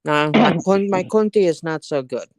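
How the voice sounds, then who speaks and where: A woman's voice: on the low side, normal speed, gravelly, darkish tone, no echo, clean studio sound. A woman co-hosting a casual live-stream chat, teasing and laughing over an online call setup. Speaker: guest co-host.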